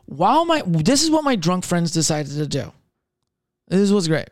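A man's voice: high-pitched, big pitch swings, normal speed, no echo, clean studio sound. A young man in casual podcast chat, rambling with lots of fillers and swearing as he tells personal stories. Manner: rambling, profane, filler-heavy.

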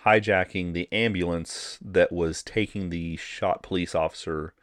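Deep-voiced man reviewing a movie. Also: a little slow, no room sound, clean studio sound. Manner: relaxed, repeats words while thinking. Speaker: podcast co-host. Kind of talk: casual movie review chat.

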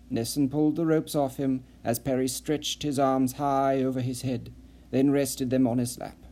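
Mellow-voiced male audiobook narrator. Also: mid-range voice, level tone, normal speed, few pauses. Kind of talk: scripted narration.

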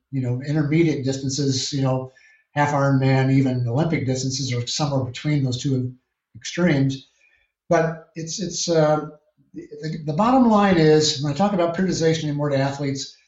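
A man, a triathlon coach, answering interview questions in a measured, explanatory way with frequent restarts. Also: medium pitch, darkish tone. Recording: echoey distant lo-fi call.

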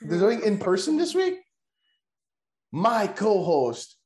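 A man hosting a podcast, joking loudly and swearing in crude, excitable banter. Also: sits high, slow pace, echoey room. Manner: loud, joking, profane, excitable. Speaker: podcast host. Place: room recorded in person.

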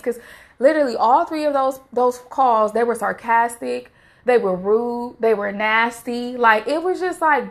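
A woman's voice: fairly high pitch, normal speed, fairly bright tone. A woman giving a casual devotional talk, earnest and exhorting like a preacher. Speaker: faith vlogger sharing a devotional message.

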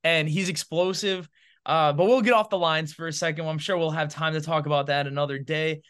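This co-host's voice is fairly high, fairly quick and clean-toned as he trades lively, opinionated football takes on a sports podcast, leaning heavily on fillers such as "man" and "bro."

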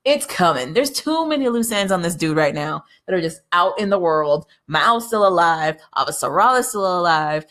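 Chatty woman recapping an episode, slightly low voice. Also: lively intonation, normal speed, few pauses, fairly bright tone. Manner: chatty, profane, laughs often. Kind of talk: casual recap monologue.

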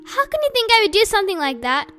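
A woman's voice: very high-pitched, big pitch swings, fast, pushed and bright, faint music behind, voice pushed up, exaggerated voice. A woman reading an audiobook, voicing an earnest teenage boy defending himself to his friend. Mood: pleading. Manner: pleading, earnest.

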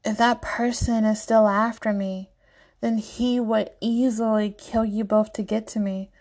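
A woman's voice: on the high side, flat delivery, measured pace, darkish tone. A woman voicing a shaken but stubborn young man mage who insists on staying to fight. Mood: earnest. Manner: earnest, insistent.

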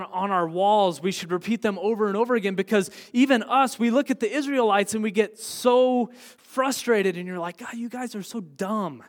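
A man preaching a sermon as pastor, earnest, dropping quiet then rising to emphatic points. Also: sits high, big-room sound.

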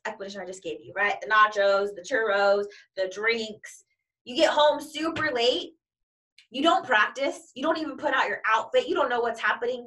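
Brief: woman motivational coach, fairly high voice, emphatic and repetitive, mic set a little back. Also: a bit bright, distant mic. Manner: emphatic and repetitive, piling up examples. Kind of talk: motivational talk.

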